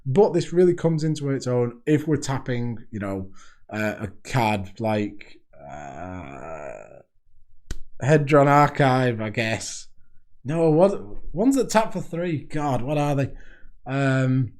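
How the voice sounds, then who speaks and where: A man's voice: medium pitch, very animated, slow, darkish tone. A man hosting a card game video, reading card text aloud and chatting through it casually, laughing at his own jokes. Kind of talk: casual deck review monologue.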